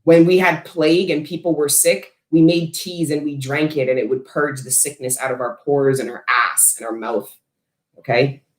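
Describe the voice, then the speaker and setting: A woman hosting a casual livestream, chatting bluntly with viewers and answering their questions, swearing freely and talking with animated emphasis. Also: deep voice, normal speed, echoey room. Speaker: host selling frankincense to viewers.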